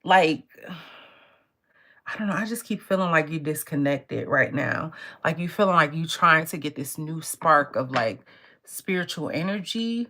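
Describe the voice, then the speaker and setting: A woman's voice: sits low, animated, unhurried, bright, forceful tone. A woman tarot reader talking in a casual, blunt and profane way, laughing often. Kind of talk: casual live tarot reading.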